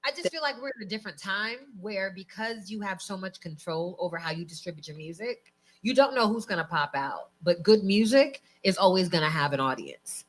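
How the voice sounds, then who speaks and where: A woman from Las Vegas co-hosting a podcast, chatting casually and telling animated stories. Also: mid-range voice, a little fast. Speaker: podcast co-host.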